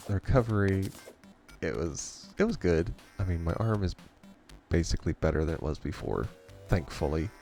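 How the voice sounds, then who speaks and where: Gravelly low-voiced man telling stories while gaming. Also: lively intonation, normal speed, dark tone, faint music behind. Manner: rambling, chuckles often between remarks. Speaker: gaming channel host. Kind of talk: casual storytelling over gameplay.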